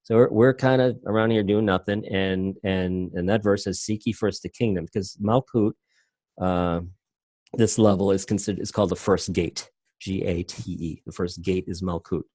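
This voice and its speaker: Low, dark-voiced man teaching casually. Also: steady tone, moderate pace, no room sound. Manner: loose, rambling, self-interrupting. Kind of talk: casual online class lecture. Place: home, at a computer.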